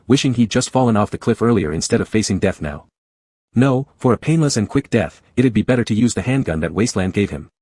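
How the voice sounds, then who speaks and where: Male audiobook narrator, low and husky, dry close sound, steady delivery. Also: no echo. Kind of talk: scripted narration.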